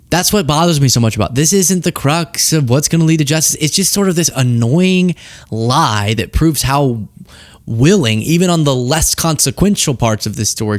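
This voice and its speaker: A man's voice: medium pitch, dry recording. A man hosting a political commentary show, talking casually with a sarcastic, laughing, mocking manner and a trace of a Southern US accent.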